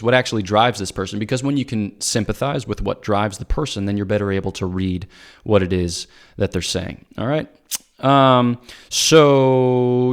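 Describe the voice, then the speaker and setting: A priest from Pennsylvania giving practical advice in a casual, earnest talk, often checking in with "okay?" and "all right?". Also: male voice, fairly low pitch. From Pennsylvania, USA.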